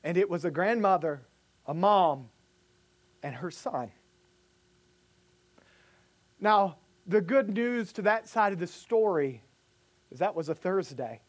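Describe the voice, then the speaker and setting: A man's voice: sits high, lively intonation, slow, long pauses. A man, preaching and telling a vivid personal story with hesitant restarts. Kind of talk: sermon storytelling.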